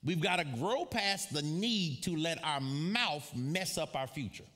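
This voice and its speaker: A man preaching a sermon to a live congregation, telling a personal story with frequent laughter and lively asides. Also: a little high, unhurried. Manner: animated storyteller, laughs often, calls out to congregation. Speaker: pastor. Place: church before a live congregation.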